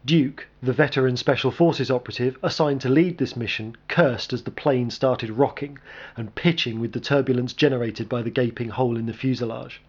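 A man reading a military action story aloud as narrator, in a steady, even delivery. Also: mid-range voice, fairly quick, dull audio.

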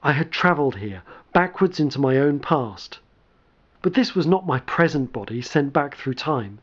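A man narrating a first-person story in a measured, dramatic way. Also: on the high side, lively intonation. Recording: dull lo-fi recording.

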